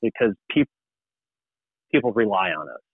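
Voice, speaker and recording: A male TV meteorologist chats as a guest and tells animated stories, acting out the lines people said to him. His voice sits fairly low and sounds dry and tinny, as if over a phone line. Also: normal speed, slightly rough, no room sound. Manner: animated storyteller, acts out quoted dialogue. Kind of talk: casual podcast conversation.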